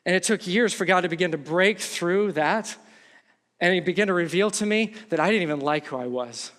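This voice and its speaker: A middle-aged man preaching a sermon as pastor, telling a story in a lively way and acting out what people said. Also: high-pitched, fairly quick. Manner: animated storytelling, acts out quotes. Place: church sanctuary. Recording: long reverb of a large hall.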